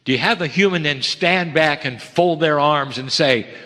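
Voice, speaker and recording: A man giving a channeled spiritual message to an audience, speaking gently and measured, with emphatic pauses and calling listeners dear ones. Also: on the high side. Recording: long hall reverb.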